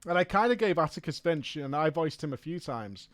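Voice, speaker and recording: Rambling streamer, higher-voiced man. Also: expressive, fast, hardly any pauses. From United Kingdom. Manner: rambling, swears freely, trails off searching for words. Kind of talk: casual chat while gaming.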